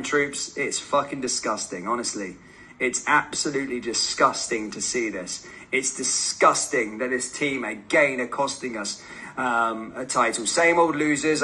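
Male fan vlogger, furious swearing rant, very sharp tense tone. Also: medium pitch, low-quality recording. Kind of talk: angry fan reaction rant.

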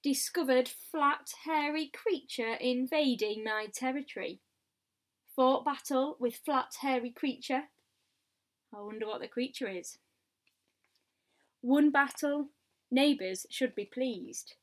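A woman reads a picture book aloud in a slightly high voice. She takes her time over each short diary entry. She stops now and then for little asides to the listener. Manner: unhurried diary-style reading with asides to the listener. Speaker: storybook reader.

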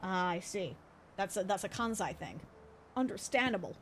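A woman's voice: mid-range voice, very animated, normal speed, fairly bright tone. A woman streamer chatting casually over a game, playful and giggly as she sounds out Japanese words.

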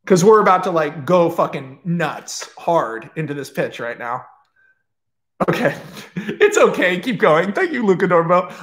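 A screenwriter telling a film pitch in a casual, rambling, profane storytelling style, full of energy and asides. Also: male voice, very animated, unhurried, a bit bright, a little hiss or hum.

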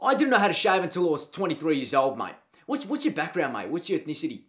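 A man's voice: fairly high pitch, very animated, fast talker, a bit bright. A man playing a brash, blunt Australian PE teacher in his forties who calls everyone mate, in a comedy sketch. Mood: nosy.

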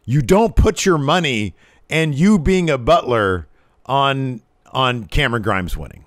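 A man co-hosting a podcast, casually recapping a wrestling show and breaking into loud, exaggerated impressions when he quotes the wrestlers. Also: medium pitch, expressive, measured pace, no echo, clean studio sound. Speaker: podcast co-host.

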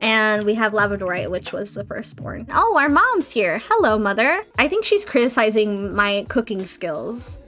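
A woman's voice: mid-range voice, big pitch swings, moderate pace, hardly any pauses, fairly bright tone. A woman giving casual let's-play commentary, chatting to viewers and playfully scolding her game characters. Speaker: gameplay streamer.

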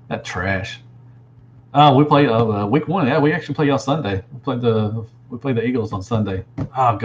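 A man's voice: on the low side, a little hiss or hum. Guy rambling about toys and answering chat, muffled lo-fi mic. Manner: rambling, chatty, answers viewers. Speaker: toy reviewer. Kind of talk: casual livestream chat.

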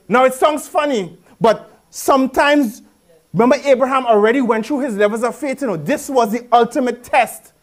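A man preaching a sermon in a lively, conversational way, with rhetorical questions, repetition and humorous asides in local speech. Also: extremely high pitch, normal speed.

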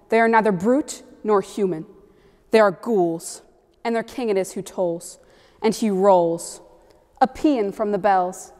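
A woman giving a solemn, steady poetry recitation as a stage performer. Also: mid-range voice. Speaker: student performer. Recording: long reverb of a hall.

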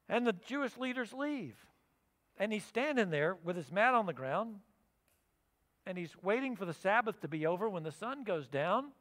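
A male pastor preaching in a bright, high voice that swings widely in pitch. He tells the story with animated energy and acts out the quotes. His voice rings with the long reverb of a church hall. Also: normal speed. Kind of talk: sermon. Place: church sanctuary.

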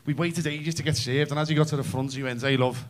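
Brash, high-voiced Scouse comedian. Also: male voice, fairly even intonation. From Liverpool, England. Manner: brash, sweary, fast storytelling. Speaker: stand-up comedian. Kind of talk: stand-up comedy. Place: comedy club stage.

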